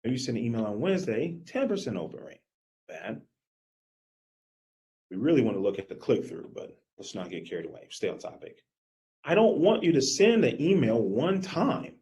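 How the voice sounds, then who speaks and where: A man giving a live coaching workshop, energetic and animated, talking straight to his audience. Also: mid-range voice. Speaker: business coach.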